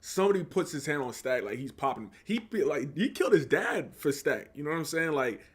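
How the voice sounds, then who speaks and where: A man's voice: fairly high pitch, very animated, brisk, breathy edge. A man co-hosting a podcast, talking about a film in a laid-back, rambling way full of fillers. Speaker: podcast co-host. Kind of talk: casual chat.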